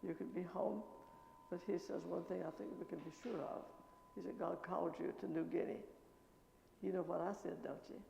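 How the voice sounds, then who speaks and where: An older woman missionary telling her story in church with lively anecdotes and quoted dialogue, recorded in an echoing church. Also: on the low side, normal speed, gravelly, slight background noise. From American Midwest. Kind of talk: testimony talk at church. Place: church sanctuary. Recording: echoey church with long reverb.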